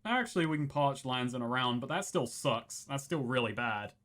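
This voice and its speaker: A man's voice: mid-range voice, lively intonation, a bit bright. A man playing a tabletop role-playing game, chatting casually and correcting himself mid-thought. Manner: rambling, self-correcting, quick asides. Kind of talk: casual in-character table talk.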